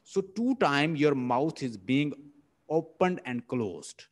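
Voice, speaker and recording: A man's voice: fairly high pitch, lively intonation, slow pace. A man with a Pakistani English accent teaching a linguistics lesson, repeating points and sounding out words syllable by syllable. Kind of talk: classroom lecture.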